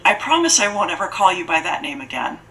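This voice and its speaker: A woman's voice: on the low side, very animated, fast talker, pushed and bright, recorded from a distance, exaggerated voice, low-quality recording. A woman voicing an eager, tender-hearted schoolgirl who pleads and apologizes in an audiobook. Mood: pleading.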